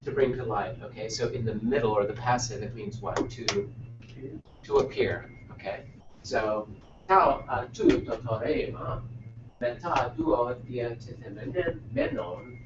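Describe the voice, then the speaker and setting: A man's voice: mid-range voice, a little slow. A man teaching a Greek class, patiently prompting his students with many small acknowledgements. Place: classroom linked to another campus by video. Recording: roomy, distant, muffled and noisy classroom recording.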